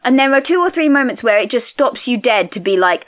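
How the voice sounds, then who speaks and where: Lively, animated woman podcaster. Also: on the high side, brisk. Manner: animated, playful, acts out characters. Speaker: podcast co-host. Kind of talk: casual book discussion.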